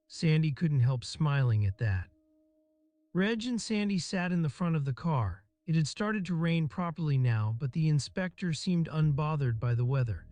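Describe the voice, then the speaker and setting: A man narrating a crime novel in a measured, even storytelling voice. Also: fairly high pitch, no echo. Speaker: audiobook narrator.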